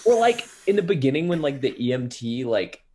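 Man, husky voice, casual movie talk, enthusiastic, swears a lot. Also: medium pitch, sing-song, brisk, darkish tone. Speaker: podcast co-host.

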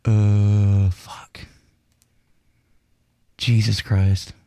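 A man's voice: fairly low pitch, extremely slow, smooth, dry recording. A man hosting a casual veterans' talk show, telling stories with heavy swearing and frequent laughter. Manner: profane, laughs often, lively storytelling. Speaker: podcast host. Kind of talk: casual chat.

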